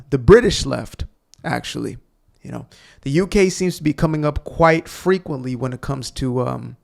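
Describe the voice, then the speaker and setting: Creaky-voiced sarcastic male commentator. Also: medium pitch, a little mellow. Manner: sarcastic, mocking. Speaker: commentary channel host. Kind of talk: opinionated commentary reacting to clips.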